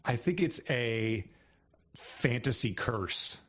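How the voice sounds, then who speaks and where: A man's voice: medium pitch, lively intonation, slow, fairly bright tone, breathy edge. A man co-hosting a book podcast, explaining things in a chatty way and laughing often. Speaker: podcast co-host. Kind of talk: casual book discussion.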